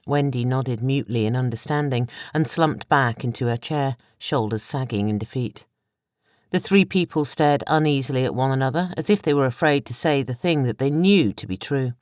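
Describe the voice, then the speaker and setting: A woman reading an audiobook in a measured, even storytelling voice. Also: a bass voice, no room sound, studio quality. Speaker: audiobook narrator. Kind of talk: scripted narration.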